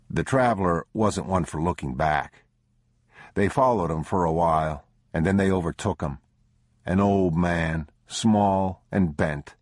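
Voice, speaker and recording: A man reading a grim survival audiobook in a low, measured narration. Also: dry recording, clean studio sound. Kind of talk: scripted narration.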